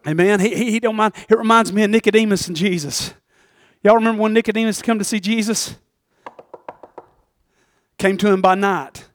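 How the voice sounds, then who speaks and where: High-voiced emphatic male preacher. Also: steady tone, fairly quick, long pauses, no echo. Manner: emphatic, repetitive, talks directly to the congregation. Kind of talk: sermon.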